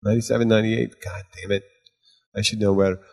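A husky-voiced man hosts a podcast in loose, rambling conversation, cursing freely and playing both sides of the exchanges he retells. His voice sits at an ordinary pitch. The sound carries a long reverb, as if in a large hard room. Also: level tone, quick pace, a little mellow. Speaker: podcast host. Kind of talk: casual rambling chat.

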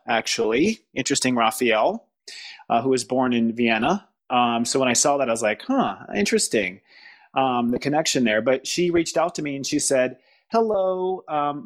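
A man speaking as a guest in a casual spiritual conversation, pausing, restarting and searching for words. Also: mid-range voice. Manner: halting, searching for words, frequent restarts and laughs. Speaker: podcast guest.

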